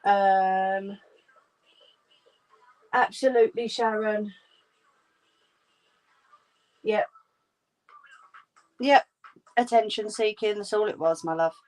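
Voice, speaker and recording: She talks slowly, leaving long pauses, in a medium-pitched voice. Hosting a crafting stream from home, she chats casually while crocheting, answers viewer comments, and reassures everyone in a homely way, calling them "love."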